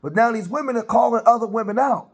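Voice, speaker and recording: A man hosting a casual reaction commentary, talking in an animated, preachy street style and laughing along. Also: extremely high pitch, fast, breathy edge. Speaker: commentary host reacting to clips.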